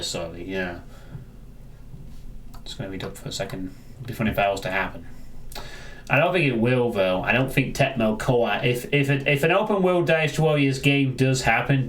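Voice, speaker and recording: A man, his voice sitting on the low side, talks casually on a live stream. He rambles, stops to answer viewers and often trips over his own sentences. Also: fairly bright tone, slight background noise. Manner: rambling, answers chat, frequent restarts.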